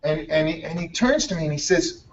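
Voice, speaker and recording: A man with a high voice gives an energetic, blunt motivational talk and swears freely. The sound is muffled and comes from a mic set well back. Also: a little fast, far from the mic. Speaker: motivational speaker.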